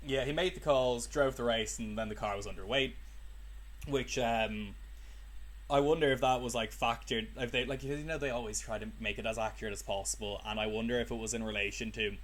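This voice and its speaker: A young man chats casually as a podcast co-host, working his points out as he goes. He fills pauses with ums and restarts. His voice sits at an ordinary middle pitch. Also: steady tone, fairly bright tone. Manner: rambling, thinking aloud with ums. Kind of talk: casual chat.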